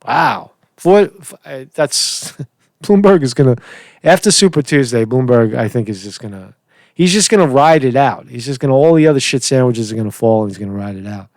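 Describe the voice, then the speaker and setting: A man's voice: medium pitch, expressive, fairly quick, darkish tone, no room sound. Rambling, opinionated man, close dry mic. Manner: rambling, opinionated, repeats himself and restarts. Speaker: political commentary host. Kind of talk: casual political commentary.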